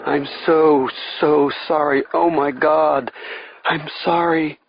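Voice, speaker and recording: A man's voice: on the high side, flat delivery, slow pace, vocal fry, highs cut off, voice pushed up. Man voicing a terrified young student. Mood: pleading. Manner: pleading, breathless apology. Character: frightened male college student.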